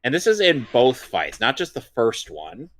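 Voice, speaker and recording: A man's voice: medium pitch, huge pitch swings, normal speed, a bit bright. Opinionated man in long-winded chat. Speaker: co-host. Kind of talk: casual watch-along chat.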